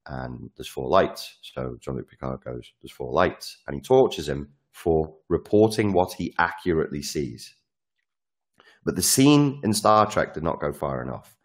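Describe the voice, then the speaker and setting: A man hosting a casual, animated monologue who swears freely and acts out the quotes he tells. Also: extremely low pitch, normal speed.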